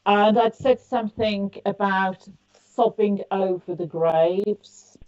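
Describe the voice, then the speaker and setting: A woman's voice: medium pitch, takes it slowly, no echo. Middle-aged woman telling stories. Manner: lively storyteller who acts out what people said. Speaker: psychic medium guest. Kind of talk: casual chat, storytelling. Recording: dull, dry sound.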